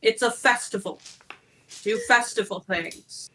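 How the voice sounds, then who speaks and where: A woman's voice: fairly high pitch, measured pace, sharp tone, slight background noise. A woman playing in a casual tabletop game, playful and laughing often. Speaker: player. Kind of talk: casual tabletop role-play.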